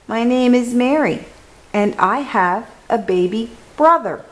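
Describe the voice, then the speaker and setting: A timid, well-mannered little girl speaks in a small, soft voice, as a woman reading a storybook aloud puts her on. Her voice sits noticeably higher and she keeps every word polite and gentle. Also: lively intonation, unhurried, rough recording.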